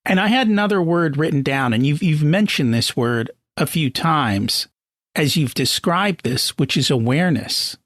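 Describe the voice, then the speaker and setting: A man's voice: a little high, lively intonation, normal speed, a bit bright, dry recording, clean studio sound. A man hosting a podcast who asks curious follow-up questions. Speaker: podcast host. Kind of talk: interview conversation.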